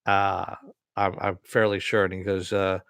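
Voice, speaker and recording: A man's voice: low voice, level tone, measured pace, fairly bright tone, smooth, dry recording, clean studio sound. A man casually retelling a TV episode in a rambling way, full of fillers. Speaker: TV show reviewer.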